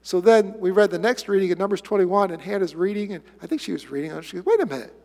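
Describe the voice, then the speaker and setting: A male pastor preaching a sermon in an animated way, with sarcastic asides. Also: sits high, fast talker, gravelly. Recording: long hall reverb.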